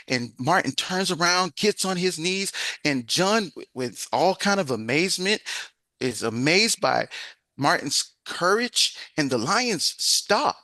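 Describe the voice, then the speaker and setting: Bright-voiced man hosting a club meeting. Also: a little high, a little slow, no room sound. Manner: lively storyteller with small restarts. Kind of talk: casual meeting chat and joke telling.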